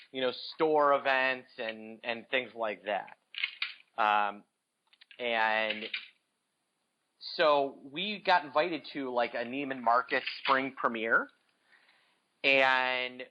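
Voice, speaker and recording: A man with a Chicago accent rambles casually about stocks in a middle-pitched voice, stopping and restarting his sentences. The podcast audio sounds dull and a bit lo-fi. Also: a little hiss or hum. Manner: rambling, many restarts and fillers. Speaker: podcast co-host. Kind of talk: casual market talk.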